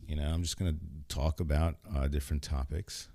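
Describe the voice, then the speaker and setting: Very deep-voiced man hosting a podcast. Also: fairly even intonation, a little fast, dark tone, no echo. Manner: rambling, joking, loose. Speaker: podcast host. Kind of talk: casual solo podcast talk.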